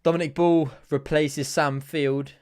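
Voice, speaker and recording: Chatty, excitable male football fan host. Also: fairly high pitch, unhurried. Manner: chatty and excitable, laughs often, thanks viewers mid-commentary. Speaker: fan host of a live football watch-along. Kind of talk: casual live match commentary and chat.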